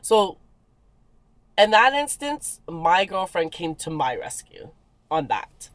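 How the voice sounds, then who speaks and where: Podcast co-host, woman; animated storyteller, close and dry. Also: lowish voice, takes it slowly, dry recording. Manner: animated storytelling, acts out quotes. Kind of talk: casual chat.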